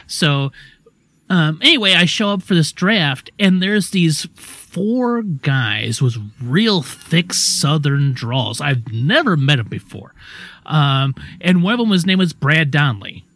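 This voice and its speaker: Radio co-host, male, bit higher voice, loose storyteller who keeps going off on side tracks. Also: takes it slowly, no room sound. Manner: rambling, animated, self-interrupting. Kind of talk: casual storytelling on air.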